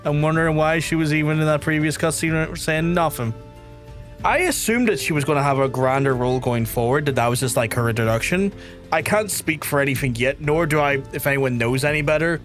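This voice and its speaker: A young man, chatting casually while playing a game, rambling and animated. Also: fairly high pitch, fairly quick, soft background music. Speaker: streamer. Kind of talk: casual let's-play chat.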